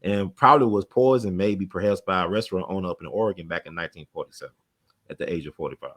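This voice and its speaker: A deep-voiced man, a community organizer appearing as an interview guest, tells history in a casual conversational interview. He speaks fast, with rapid, animated storytelling, and admits he talks fast.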